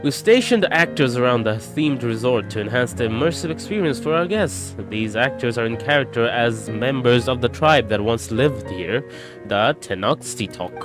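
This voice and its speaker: A man's voice: mid-range voice, animated, normal speed, music in the background, lightly acted. A man reading the lines of a polite, apologetic woman who runs a resort, in his own voice. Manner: apologetic, formal, reading game lines aloud. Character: polite anxious female resort supervisor.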